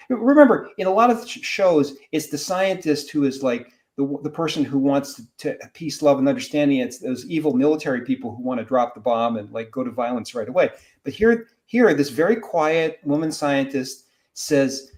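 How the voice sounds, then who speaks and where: A man's voice: mid-range voice, lively intonation, normal speed. Guy on a video call going on about a show, lots of restarts and tangents, medium voice. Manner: digressive, many restarts. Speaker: guest academic. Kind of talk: casual discussion.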